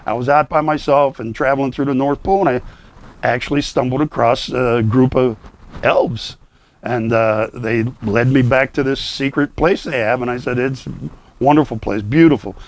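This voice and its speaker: A man's voice: medium pitch, steady tone, moderate pace. An older man who works as Santa, chatting casually with many fillers and restarts. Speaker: Santa performer guest. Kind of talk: casual chat.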